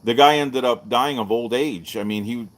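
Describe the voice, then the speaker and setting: A middle-aged man, hosting a live-streamed martial arts show and telling stories in a loose, animated way. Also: moderate pace. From Texas. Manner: animated storyteller, jumps up in pitch for quoted voices. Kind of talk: casual storytelling to a live stream.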